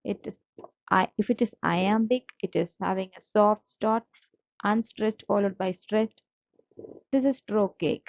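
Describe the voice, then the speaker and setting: Slow, patient woman teaching a lesson. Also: mid-range voice. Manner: slow, patient, repeats key terms. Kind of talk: slide-based literature lecture. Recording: dull lo-fi dry recording.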